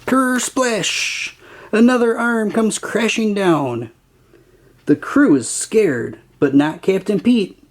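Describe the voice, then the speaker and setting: Slow, expressive children's story reader. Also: mid-range voice. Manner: slow, expressive, sing-song. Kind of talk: children's read-aloud narration.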